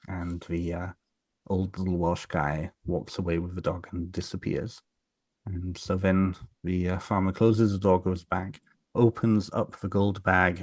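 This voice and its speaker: A man's voice: low voice, a little mellow, no room sound. A man, a podcast guest, casually telling folk tales in a rambling way with many fillers and restarts. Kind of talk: casual storytelling in an interview.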